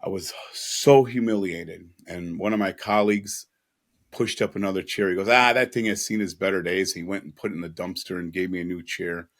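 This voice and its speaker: A man's voice: sits low, fairly quick. A man telling an earnest, emotional personal story as a podcast guest, with casual asides.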